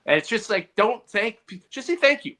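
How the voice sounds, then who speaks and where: Animated, bright-voiced man telling stories. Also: high voice, normal speed. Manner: rambling storyteller who mimics people. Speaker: podcast co-host. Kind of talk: casual comedic chat.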